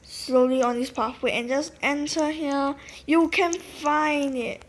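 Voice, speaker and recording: A woman giving casual, excitable commentary while playing a game, talking to her viewers and often gasping. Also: high-pitched, slow pace. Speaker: gameplay narrator.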